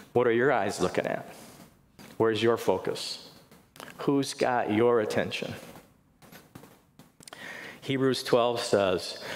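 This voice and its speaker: A middle-aged man preaching a sermon in earnest, often putting questions to his congregation. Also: mid-range voice. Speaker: pastor. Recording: echoey hall with faint noise.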